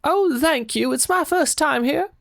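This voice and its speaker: A young adult storyteller putting on a high, thin voice with a mock British accent to play a confused, helpless old woman in a narrated story. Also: a little slow, creaky, a bit bright, no room sound, studio quality, full character voice. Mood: flustered. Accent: put-on British.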